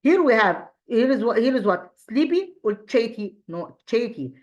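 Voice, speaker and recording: A woman teaching an English grammar review lesson, pausing often and repeating herself, asking rhetorical questions as she goes. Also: on the high side, big pitch swings, muffled recording. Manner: hesitant, frequent fillers and restarts.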